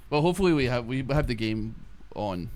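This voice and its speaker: A man's voice: medium pitch, lively intonation, brisk, a little mellow, a little hiss or hum. A young man streaming from his bedroom, rambling and joking as he plays a game. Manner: rambling, jokey, thinks aloud. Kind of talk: casual gameplay commentary.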